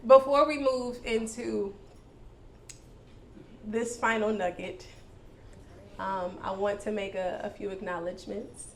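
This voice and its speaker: A woman hosting a live spoken word event, talking casually and warmly to the crowd as y'all. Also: medium pitch, fairly even intonation, takes it slowly, pauses often. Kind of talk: live stage address to an audience. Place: indoor event venue. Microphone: handheld microphone. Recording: live event with clear background noise.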